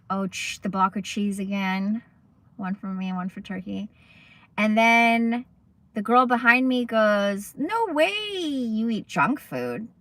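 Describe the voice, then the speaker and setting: With a mid-range voice that sounds pushed and bright, this young woman hosts a livestream. Her chatty, profane stories wander freely, full of asides.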